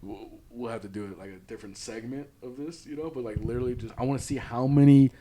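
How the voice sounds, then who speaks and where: A man's voice: medium pitch, fast, mellow. Rambling young man co-hosting a podcast. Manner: rambling, many fillers and restarts. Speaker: podcast co-host. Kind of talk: casual chat.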